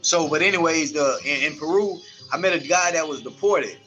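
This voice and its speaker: A man's voice: a little high, fairly quick, sharp tone, highs cut off, soft background music. A man from Texas with a Southern accent, a guest telling loose, streetwise stories in a casual interview. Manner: loose streetwise storytelling, acts out quotes, keeps saying "you know what I'm saying". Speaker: guest, tourism guide.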